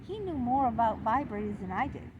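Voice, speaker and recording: A middle-aged woman vlogger telling a personal story in an indignant, animated, exclaiming way. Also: a little high, brisk, highs cut off, noisy background. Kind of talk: confessional storytelling to camera.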